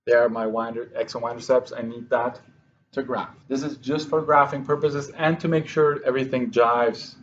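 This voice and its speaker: A man's voice: medium pitch, fairly even intonation, moderate pace, lo-fi sound, a little hiss or hum. A man teaching a math lesson, explaining his work step by step to his students and correcting himself as he writes. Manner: talks to students while writing, with self-corrections. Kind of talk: classroom lesson walkthrough.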